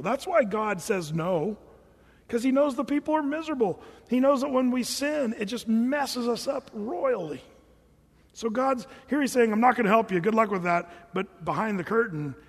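High-voiced preaching man in reverberant hall. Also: slightly rough. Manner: conversational preaching, acting out voices of people he quotes. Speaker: pastor. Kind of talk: sermon.

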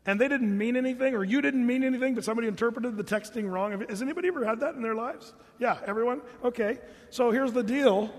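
A man preaching a sermon as pastor, animated and jokey, putting on mock voices to make his points. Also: very high-pitched, quick pace, in a large hall.

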